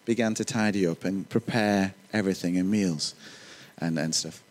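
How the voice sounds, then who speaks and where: Animated preacher man. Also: fairly low pitch, fairly quick. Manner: animated, joking, self-deprecating asides. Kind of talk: sermon.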